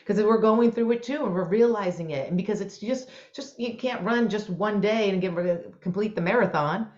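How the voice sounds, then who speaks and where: A woman's voice: mid-range voice, normal speed. A woman co-hosting a podcast as a mindset coach, telling stories in an enthusiastic, motivational way. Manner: enthusiastic, motivational, animated storytelling. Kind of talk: casual podcast chat. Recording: roomy, dull lo-fi sound.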